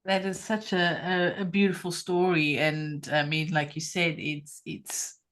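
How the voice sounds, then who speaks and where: A woman hosting a podcast, giving a slow, reflective response to her guest. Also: on the low side, little pitch movement, a bit bright. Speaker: podcast host. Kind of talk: casual interview chat.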